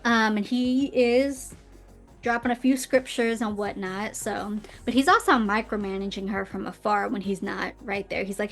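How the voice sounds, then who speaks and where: A woman hosting a podcast, casually recapping a film plot in a chatty way with quick asides. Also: mid-range voice. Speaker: podcast host. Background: faint intro music.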